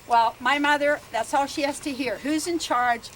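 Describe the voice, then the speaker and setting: Speaking at normal speed in a high-pitched voice, an older Bellevue, Pennsylvania woman represents her family at a land dedication held outdoors in a garden. She laughs, chats, tells stories, and frequently tacks on "huh?" The clip is very noisy.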